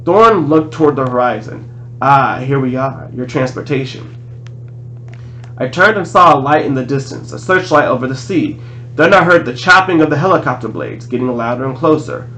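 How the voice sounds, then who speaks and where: A man reading a novel aloud in a plain, steady voice, restarting a few words now and then. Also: on the high side, brisk, slight background noise, rough recording. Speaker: audiobook reader.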